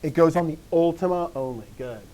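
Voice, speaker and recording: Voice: medium pitch, fairly quick, mellow, low-quality recording. A teacher giving a classroom lecture in a room with students, encouraging the class, often quizzing them and repeating key phrases. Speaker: Greek teacher.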